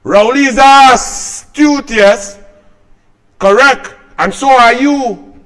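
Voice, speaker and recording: A man's voice: extremely high pitch, takes it slowly, a bit bright. A man with a Trinidadian accent delivering a sarcastic, combative political rant as a commentator, mocking his targets.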